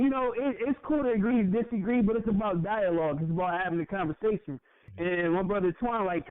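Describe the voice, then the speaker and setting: Young male podcast co-host, high-pitched and heated, profane, repeats himself. Tinny phone-like audio. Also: no room sound. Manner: heated, profane, repeats words when worked up. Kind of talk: impassioned casual podcast rant.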